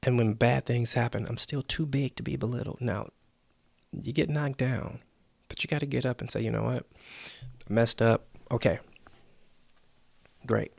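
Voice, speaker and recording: A man's voice: medium pitch, normal speed, vocal fry, pauses often, no echo. A man hosting a motivational podcast, coaching earnestly and acting out the inner voices people hear. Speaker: podcast host.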